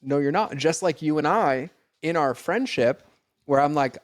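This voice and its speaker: A man's voice: on the high side, normal speed, no room sound. Earnest man, dry close sound. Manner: earnest, animated when acting out exchanges. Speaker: podcast guest, mentor. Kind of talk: casual conversation.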